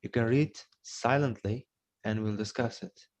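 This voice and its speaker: A man's voice: medium pitch, unhurried, a little mellow. A man with an Uzbek accent teaching an English grammar lesson, explaining step by step and repeating each example before translating it into Uzbek.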